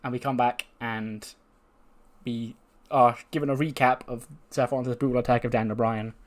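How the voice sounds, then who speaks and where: A man narrating a let's play of a wrestling management game. He recounts the action quickly and excitedly, with casual swearing. His voice sits at an ordinary middle pitch. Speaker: game commentator.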